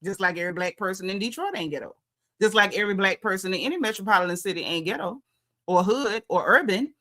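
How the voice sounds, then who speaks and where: A young woman recapping a reality show reunion in casual, animated commentary, talking straight to her viewers. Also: mid-range voice, fast talker.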